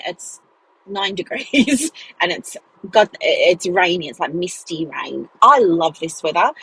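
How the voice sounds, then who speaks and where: A woman talks through a personal story in a loose, rambling way, full of little fillers and asides. Her voice sits at an ordinary middle pitch with a slightly husky, breathy edge, and she is speaking from a car while driving. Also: fairly bright tone, rough recording. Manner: chatty, many "like" fillers and laughs. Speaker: podcast host, business mentor. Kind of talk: casual storytelling monologue.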